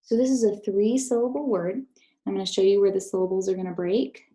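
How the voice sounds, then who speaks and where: A woman's voice: mid-range voice, steady tone, fairly quick, dark tone, rough recording. A woman teacher giving a recorded math lesson to third graders, patient and encouraging, speaking straight to her students.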